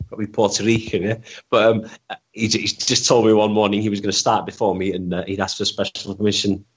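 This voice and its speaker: Male guest, low-pitched, loose self-deprecating storyteller with stumbling restarts; muffled recording. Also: steady tone, moderate pace, breathy edge. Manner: rambling, self-deprecating, stammers and restarts often. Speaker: interview guest. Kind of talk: casual storytelling interview. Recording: dull lo-fi recording.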